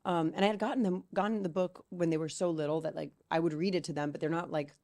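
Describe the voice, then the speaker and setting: A woman guest on a podcast, telling family stories in a casual, animated way, full of "like" and "right?". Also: fairly low pitch, fast talker. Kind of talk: casual storytelling chat.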